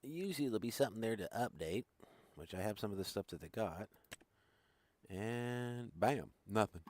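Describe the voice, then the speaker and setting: A man's voice: lowish voice, expressive, moderate pace, darkish tone. Rambling, crude-joking male streamer. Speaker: game streamer. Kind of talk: casual live-stream chat.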